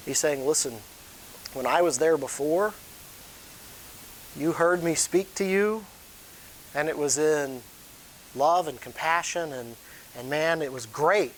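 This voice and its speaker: A man preaching a sermon in a church, talking loosely and warmly to the congregation, with sudden loud rises in his voice. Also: on the high side, measured pace, low-quality recording. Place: church sanctuary.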